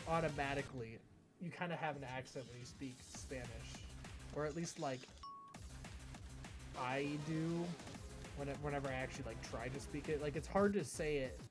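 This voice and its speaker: American guy streaming, rambly and chatty, mid-pitched voice, music playing under him. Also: moderate pace, pauses often. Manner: rambling and chatty, often reading chat aloud. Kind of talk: casual live-stream chat. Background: background music.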